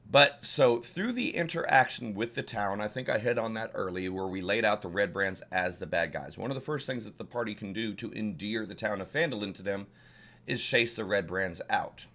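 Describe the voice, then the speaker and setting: A man's voice: lowish voice, animated, moderate pace, a bit bright. An older man with a Southern US accent, giving a casual, rambling tutorial on running tabletop games. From Southern United States. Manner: rambling, folksy, frequent restarts and fillers. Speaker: dungeon master tutorial host. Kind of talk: casual instructional talk.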